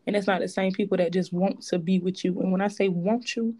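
A woman with co-hosting a casual chat, animated and slangy, laughing often. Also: mid-range voice, quick pace, crowd noise.

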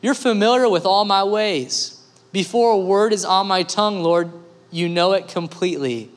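A man preaching a sermon as pastor, animated and acting out the voices of people he quotes. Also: sits high, moderate pace. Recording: long hall reverb, faint music.

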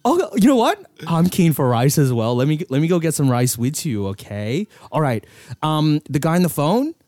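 A man's voice: on the high side, sing-song, normal speed, darkish tone, dry recording. A man voicing a chirpy, overly polite male call center worker with a put-on Filipino American accent. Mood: chatty.

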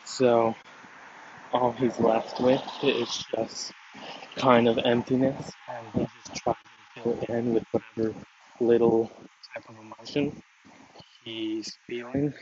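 Slow, flat-voiced man rambling casually. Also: medium pitch. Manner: rambling and hesitant, many fillers and restarts. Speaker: storyteller explaining a family matter. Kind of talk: casual monologue. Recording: dull lo-fi recording with clear background noise.

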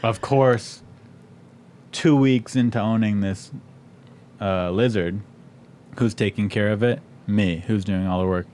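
A man with a slight lisp and a lowish voice, chatting casually as a host. He tells relaxed stories and slips into quoted voices. A faint rumble sits under the recording. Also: slow, pauses often. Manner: relaxed storytelling, acts out quotes. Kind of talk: casual chat.

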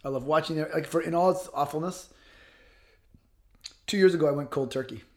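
A man's voice: a little high, a little fast. A man of fifty speaking as an interview guest, blunt and passionate, swearing freely. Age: 50s. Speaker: guest author. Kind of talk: casual interview talk.

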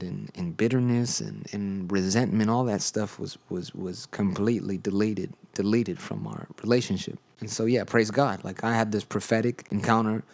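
A man's voice: lowish voice, creaky, a little mellow. A young man hosting a podcast, telling his personal testimony in a loose, conversational way with lots of fillers. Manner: conversational storytelling with many fillers. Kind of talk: casual spoken testimony.

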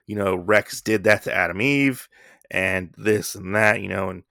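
A man's voice: fairly low pitch, measured pace, vocal fry, bright, forceful tone, no room sound, studio quality. A young man casually retelling a comic story in a rambling way, with many fillers. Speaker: comic book reviewer. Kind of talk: casual chat.

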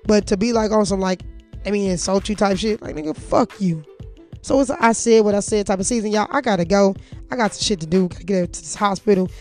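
A woman's voice: mid-range voice, steady tone, fast, mellow, faint music behind. A woman from St. Louis hosting a podcast, talking bluntly and profanely, pacing around while she speaks into a mic on her phone. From St. Louis, USA. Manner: blunt, profane, fired-up storytelling. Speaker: podcast host. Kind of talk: candid podcast monologue. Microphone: mic plugged into phone, walking around.

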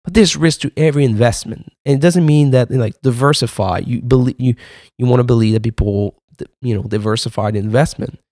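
A man's voice: mid-range voice, fairly quick, a little mellow, no room sound. Rambling, swearing man in a dry room. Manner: rambling and profane, with frequent fillers and laughs. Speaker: podcast host. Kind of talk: casual monologue.

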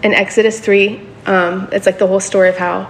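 Woman preacher, relaxed conversational sermon, talks straight to the congregation, asks for their agreement, faint background noise. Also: medium pitch, a little fast. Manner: casual, asks listeners for agreement.

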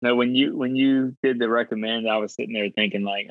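A man's voice: medium pitch, steady tone, brisk, no room sound. A man chatting casually in an easygoing, agreeable way. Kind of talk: casual chat. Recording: dry, muffled.

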